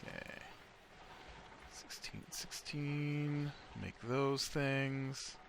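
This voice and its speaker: A man's voice: mid-range voice, level tone, drawn-out words, vocal fry, noisy background. An American man giving casual gameplay commentary, thinking aloud and rambling with lots of fillers. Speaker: let's play host.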